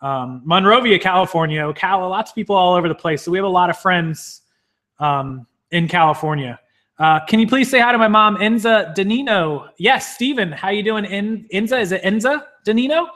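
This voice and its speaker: A man's voice: high-pitched, brisk, a bit bright. A man hosting a live stream, upbeat, greeting viewers one by one from the chat before getting into his topic. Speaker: YouTube live-stream host.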